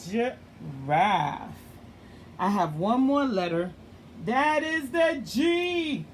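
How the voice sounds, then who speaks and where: A woman who teaches young children, walking them through letter sounds with playful questions and drawn-out sounds. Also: fairly high pitch, very animated, a little hiss or hum. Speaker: early learning teacher.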